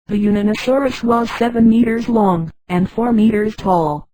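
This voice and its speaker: A woman's voice: fairly high pitch, moderate pace, hardly any pauses, no echo, rough recording. Synthetic-sounding woman story narrator. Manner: flat synthetic reading, voices punctuation names aloud.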